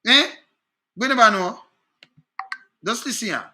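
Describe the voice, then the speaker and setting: High, bright-voiced Jamaican man ranting. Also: lively intonation, measured pace. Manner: indignant, repeats "Eh?" and "man". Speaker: online commentator. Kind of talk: animated political rant.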